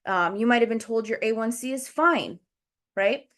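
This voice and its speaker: A breathless woman leads a casual educational livestream on a video call, her slightly high voice animated and fairly bright at a moderate pace. She talks chattily, explains step by step, and turns to address the chat.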